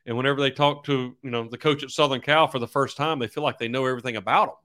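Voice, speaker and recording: Bright-voiced middle-aged football coach. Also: male voice, mid-range voice, steady tone, very fast. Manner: easygoing, acts out quotes in stories. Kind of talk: casual interview chat.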